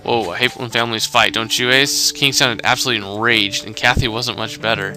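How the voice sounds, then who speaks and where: A man's voice: fairly low pitch, steady tone, a little fast, bright, forceful tone, faint music behind. A man voicing a chatty detective sidekick in a mystery game, narrating clues.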